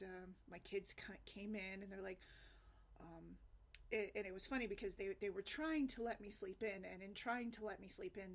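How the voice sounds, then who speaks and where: A woman blogger casually telling a personal family story, rambling with fillers and frequent laughter. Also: medium pitch. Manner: chatty, rambling, laughs often, many fillers. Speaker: single mom blogger.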